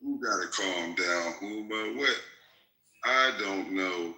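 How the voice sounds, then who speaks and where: A man hosting a livestream talk show who sounds bemused and keeps trying to calm a caller. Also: low-pitched, takes it slowly. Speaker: host. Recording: echoey room.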